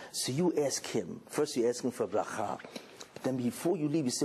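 A man giving a sermon as a rabbi, telling a story with animated delivery and many rhetorical questions. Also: mid-range voice, a little fast, breathy edge. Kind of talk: sermon to a live audience.

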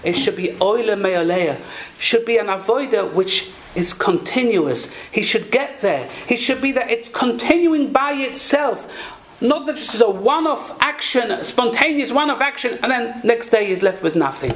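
A man's voice: extremely high pitch, expressive, normal speed, a bit bright, low-quality recording. A man giving a Torah sermon, teaching in a sing-song cadence, weaving in Hebrew and Yiddish phrases and posing rhetorical questions to his listeners. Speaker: rabbi giving a Torah talk.

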